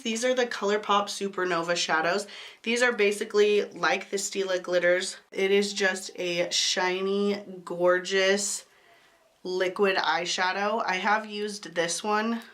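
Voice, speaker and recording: Her voice is lowish and sharp in tone. Talking casually to camera about makeup products, she stays enthusiastic and chatty, apologizing in asides for how her cold-affected voice sounds.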